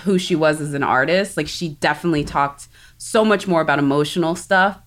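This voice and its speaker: A woman from South Texas co-hosting a casual podcast chat, talkative and quick to laugh. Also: low voice. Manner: chatty, laughs often, quick asides. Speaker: podcast co-host.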